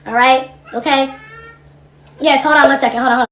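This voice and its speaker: A young adult woman hosting a casual livestream from her home office, reading comments and talking in a blunt, profane, animated way. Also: high-pitched, a little fast, echoey room. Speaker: livestream host.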